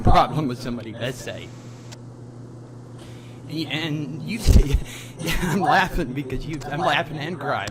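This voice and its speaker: A man talking warmly and rambling, stammering and laughing often as he encourages a friend. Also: a little high. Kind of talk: heartfelt personal talk.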